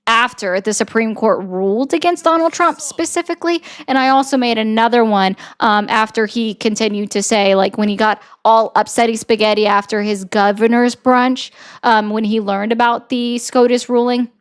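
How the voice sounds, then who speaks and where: A woman political commentator, arguing and explaining at a quick, assertive clip. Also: a little high, smooth. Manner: rapid, assertive, lecturing.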